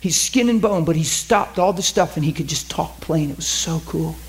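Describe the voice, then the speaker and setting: A male preacher telling a story in a sermon, acting out the dialogue and dropping to an intense hush. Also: fairly high pitch, normal speed, poor audio. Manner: animated, acts out dialogue, drops to an intense hush.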